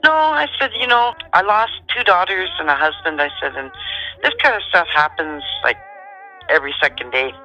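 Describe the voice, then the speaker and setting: A middle-aged woman, calmly and matter-of-factly telling a personal story as a guest. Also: lowish voice, moderate pace, faint music behind, poor audio. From Canada. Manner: calm, matter-of-fact storyteller.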